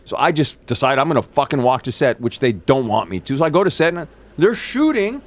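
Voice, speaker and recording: A male actor, a guest on an interview show, telling a long anecdote in a profane, animated way. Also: medium pitch, fairly quick.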